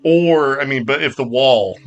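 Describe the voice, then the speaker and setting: A man's voice: mid-range voice, measured pace, lo-fi sound, faint music behind. A man playing a tabletop game, casually thinking aloud and explaining his moves with fillers. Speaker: player.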